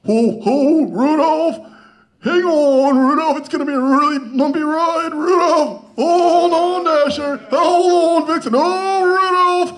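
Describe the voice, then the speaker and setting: A man voicing a jolly old Santa Claus who panics and hollers on a roller coaster. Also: takes it slowly. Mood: frantic. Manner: high, hollering, frantic ho-ho shouts.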